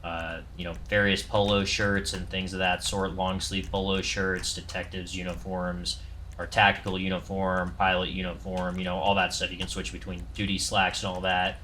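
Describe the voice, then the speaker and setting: A man with a low voice gives a casual walkthrough of his game server. His tone is bright and forceful, though his delivery stays loose and rambling, full of ums and false starts. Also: little pitch movement, normal speed, a little hiss or hum.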